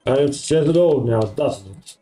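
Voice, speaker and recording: A man's voice: medium pitch, mellow, rough recording. A man from Australia with an American-sounding accent, chatting casually on a live stream in a rambling way, full of fillers. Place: home at night.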